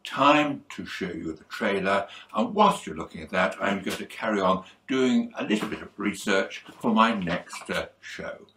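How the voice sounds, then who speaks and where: Older male photography vlogger, lowish voice, lively pitch, slow and deliberate, a bit hoarse. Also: slight background noise. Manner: measured, unhurried, slightly stumbling. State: losing his voice. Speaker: photography YouTuber. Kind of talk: spoken advice to viewers.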